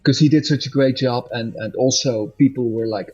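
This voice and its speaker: A man's voice: medium pitch, moderate pace, few pauses, darkish tone, breathy edge. A man talking casually in an interview as a musician guest, rambling and correcting himself, laughing often. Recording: dull lo-fi audio with faint music.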